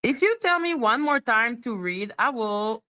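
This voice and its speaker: A woman's voice: fairly high pitch, animated, a little slow, sharp tone. A woman hosting a casual livestream, reading court documents aloud and bantering with her chat. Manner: chatty, muttering while reading, bantering with chat. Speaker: livestream host.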